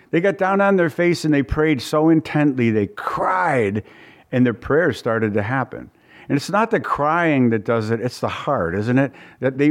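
In a medium-pitched voice, a man preaches a folksy, conversational Bible-study sermon. He often repeats words and puts questions to his listeners.

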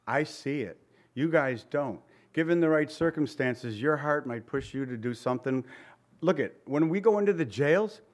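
A man preaching a sermon as pastor, in a conversational style full of rhetorical questions, now and then acting out the voices he quotes. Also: fairly high pitch. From Italian family background.

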